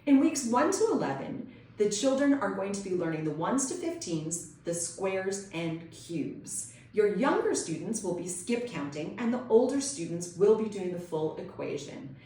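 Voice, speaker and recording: In an instructional video, a woman homeschool tutor with a medium-pitched, slightly mellow voice shares classroom teaching ideas in an upbeat, enthusiastic way. The mic is distant and the room very echoey.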